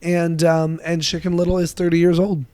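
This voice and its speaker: A man's voice: a little high, little pitch movement, moderate pace, darkish tone, dry recording. A young man co-hosting a comedy podcast, playful and agreeable as he eggs on the jokes. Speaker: podcast co-host. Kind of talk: casual comedic podcast chat.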